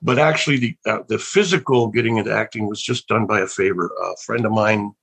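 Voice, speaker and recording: Gravelly older man telling rambling stories. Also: on the low side, brisk, a bit bright, rough recording. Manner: rambling, with many restarts and trailing thoughts; wondering, reflective. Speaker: actor and guest. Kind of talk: casual interview storytelling.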